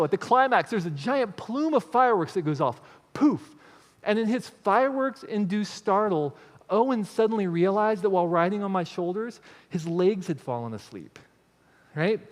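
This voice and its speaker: A man's voice: high-pitched, big-room sound. A man giving a motivational stage talk on creativity, telling stories and often checking in with the audience with tag questions. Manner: storytelling, with frequent tag questions. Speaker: speaker on creativity.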